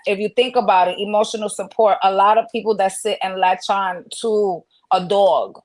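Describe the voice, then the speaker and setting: A woman co-hosting a podcast, explaining her view at length in casual chat and thinking out loud. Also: medium pitch, steady tone, moderate pace, hardly any pauses. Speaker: podcast co-host.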